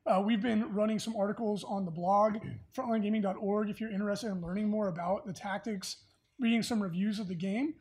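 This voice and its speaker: A man's voice: high voice, fairly even intonation, fairly quick, darkish tone, husky. A man hosting a podcast, talking casually and easily about tabletop gaming news with a lot of filler words. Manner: chatty, easygoing, with frequent filler words. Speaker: podcast host.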